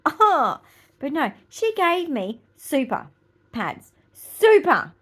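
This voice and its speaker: A woman's voice: high-pitched, sing-song, slow, sharp tone. A middle-aged woman with an Australian accent, hosting a podcast in casual chat, blunt, swearing freely and laughing often. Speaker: podcast host.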